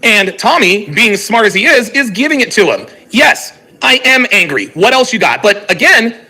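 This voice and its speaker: A man with a strikingly high voice delivers heated reaction commentary on a live stream. His tone is bright and cutting, and he sounds exasperated and profane as he argues back at his viewers' comments. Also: moderate pace, husky. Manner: animated, exasperated, profane, reads chat aloud.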